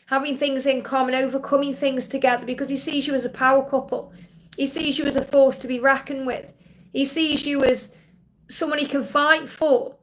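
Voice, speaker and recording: Brief: woman, high voice, live-stream psychic reader, gentle chatty delivery with frequent check-ins. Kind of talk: live-stream tarot reading.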